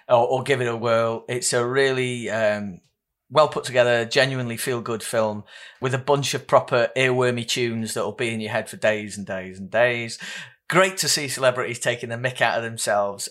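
Bright-voiced, enthusiastic man. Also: medium pitch. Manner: enthusiastic, laughs often. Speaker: podcast co-host. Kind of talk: casual film review chat.

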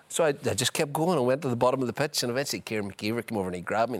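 A middle-aged man, a former footballer telling lively anecdotes as a guest, full of "you know". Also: mid-range voice, racing, hardly any pauses. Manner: chatty, leans on "you know", acts out scenes. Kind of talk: animated anecdotal storytelling.

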